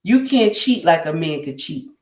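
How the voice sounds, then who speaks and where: A woman's voice: sits low, lively intonation, moderate pace, a little mellow, reverberant. A woman hosting a casual relationship talk to her live chat, emphatic and repetitive, calling listeners honey and my dear. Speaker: livestream host.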